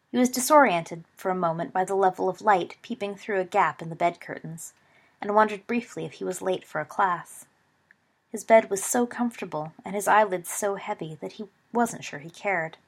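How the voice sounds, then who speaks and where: A woman reading fan fiction aloud as an audiobook, in a steady storytelling manner. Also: medium pitch, moderate pace. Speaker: audiobook reader.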